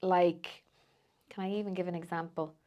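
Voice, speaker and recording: A woman, a coach, telling personal stories in a casual podcast chat, animated and quick to laugh. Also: fairly low pitch. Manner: animated storytelling, laughs often, frequent "like". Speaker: transformational coach, podcast guest.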